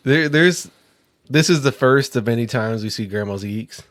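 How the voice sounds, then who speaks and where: A relaxed young man co-hosting a casual movie podcast, his sentences full of "like." His voice sits at a medium pitch, and he talks easily and informally. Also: normal speed. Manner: relaxed, filler-heavy with constant "like". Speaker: podcast co-host.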